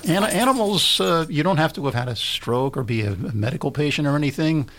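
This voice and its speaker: A man hosting a morning radio interview show, who asks his questions haltingly with many fillers. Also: fairly high pitch, lively intonation, fairly bright tone.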